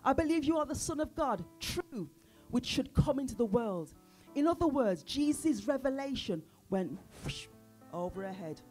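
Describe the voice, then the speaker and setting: A woman's voice: sits high, expressive, normal speed, a little mellow, faint music behind. A woman preaching a sermon at a church service, often putting questions to the congregation.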